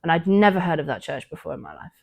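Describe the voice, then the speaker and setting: A woman's voice: deep voice, sing-song, fast, creaky. A woman, co-hosting a podcast and earnestly recounting a personal faith story in a casual, reflective way. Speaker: podcast co-host.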